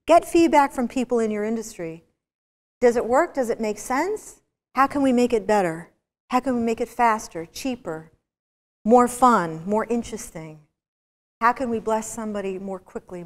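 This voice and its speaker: A woman with a fairly high voice delivers a motivational business lecture. She tells stories with energy and keeps asking the audience questions. Her voice rings out with the long reverb of a big lecture hall.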